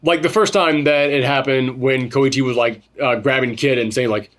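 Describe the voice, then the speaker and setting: A man co-hosting a casual film review chat, animated, swearing freely and mimicking characters as he goes. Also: mid-range voice, normal speed. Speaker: podcast co-host reviewing a film.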